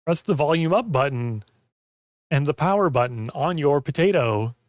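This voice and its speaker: A man's voice: on the high side, lively intonation, normal speed, dry recording, clean studio sound. A man chatting casually on a gaming stream, rambling with lots of "like" fillers and losing his voice. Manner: rambling, heavy use of "like". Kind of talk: casual chat while gaming.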